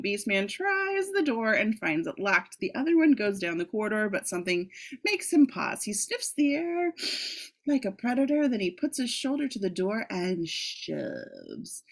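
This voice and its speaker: A woman's voice: medium pitch, fairly bright tone. A woman reading a screenplay aloud in a casual way, breaking off for joking asides and the odd swear word. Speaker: script reader.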